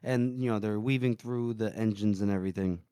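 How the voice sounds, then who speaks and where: A man's voice: fairly low pitch, steady tone, fairly quick, warm tone, clear, resonant tone, no room sound, clean studio sound. A man co-hosting a book podcast, retelling scenes casually and acting out characters' lines. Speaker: podcast co-host.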